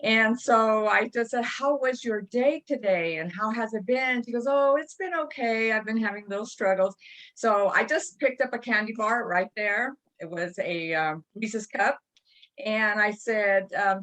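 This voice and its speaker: A woman's voice: medium pitch, measured pace, a bit bright. A woman in California joining a video call, telling a rambling personal story with many hesitations. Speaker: participant on a coaching call.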